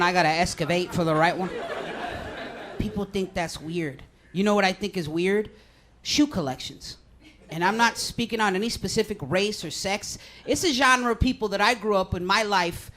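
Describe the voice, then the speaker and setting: A man's voice: sits high, a bit bright. A young man from Stockton, California, performing a self-deprecating stand-up comedy set on stage. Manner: self-deprecating, conversational punchlines. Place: comedy club stage with audience.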